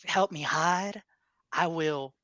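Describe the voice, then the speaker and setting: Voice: medium pitch, slow, a bit bright, no echo, lo-fi sound. A player voicing a self-assured male celebrity who speaks in a folksy, put-on drawl. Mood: persuasive.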